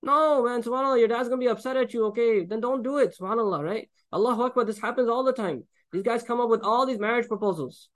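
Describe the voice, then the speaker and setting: Rapid-fire high-voiced male preacher. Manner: animated, joking, acts out quoted characters. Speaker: Islamic preacher. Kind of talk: sermon on Quran with Arabic recitation.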